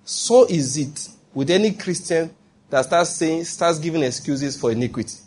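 A man's voice: on the high side, normal speed, darkish tone, husky. A man preaching a sermon in a conversational way, acting out quoted voices and often checking that listeners follow. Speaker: pastor.

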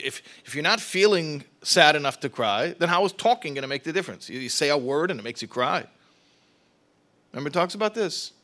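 A man leads a religious study class with a somewhat high, bright voice that has a forceful edge. He keeps asking his listeners questions and answering them himself, often restarting words as he builds each point. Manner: animated teaching with rhetorical questions and repeated restarts. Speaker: teacher.

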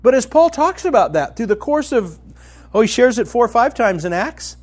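A man teaching from the Bible in a conversational, colloquial style, telling the story vividly and swinging from loud to hushed. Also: very high-pitched, sing-song, moderate pace. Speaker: preacher.

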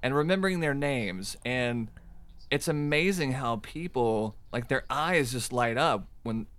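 A middle-aged man co-hosting a podcast, wry and self-deprecating, talking haltingly with many fillers. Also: medium pitch, animated, fairly bright tone, no room sound. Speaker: podcast co-host. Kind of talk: casual chat. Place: Chicago.

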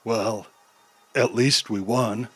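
A man's voice: on the low side, fairly even intonation, slow pace, slightly rough, soft background music. A man voicing a teenage boy superhero leader who talks in an urgent, exasperated way. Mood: weary.

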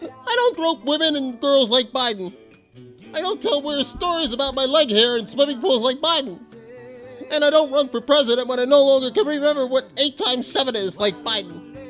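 A man voicing a cranky old man who yells at kids to get off his lawn. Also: very high-pitched, lively intonation, normal speed, soft background music. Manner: shouting, grumbling.

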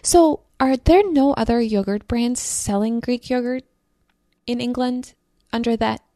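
A woman's voice: a little high, unhurried, dark tone, no echo, studio quality. A woman co-hosting a podcast in casual chat, musing, asking questions and teasing her partner. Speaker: podcast co-host.

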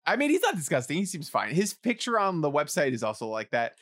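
A man's voice: a little high, fast talker. A man co-hosting a podcast in casual chat, ranting bluntly with a lot of swearing. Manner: blunt, profane ranting, animated. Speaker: podcast co-host.

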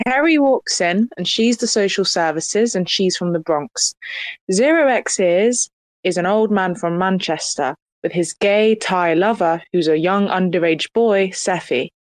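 A woman setting up a comic improv scene in a group chat, with a playful, deadpan delivery. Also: on the low side, measured pace, no echo. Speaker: Twitter Space participant.

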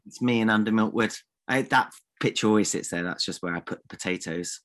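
A man's voice: on the low side, fairly quick, few pauses, fairly bright tone. Playful man tossing theatrical insults. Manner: playful, mock-outraged, fond of theatrical old-fashioned insults. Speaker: podcast co-host. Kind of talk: casual podcast banter.

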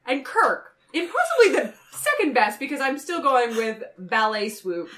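A woman co-hosting a casual podcast chat, animated and playful, breaking into silly robot noises as she retells scenes. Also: high-pitched, moderate pace. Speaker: podcast co-host.

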